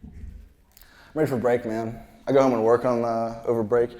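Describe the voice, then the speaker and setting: A man's voice: medium pitch, level tone, moderate pace, a little mellow. A man in his twenties doing a stand-up comedy set at a live show, talking in a loose, rambling way with lots of filler words and acting out the voices of people in his stories. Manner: acts out quoted voices.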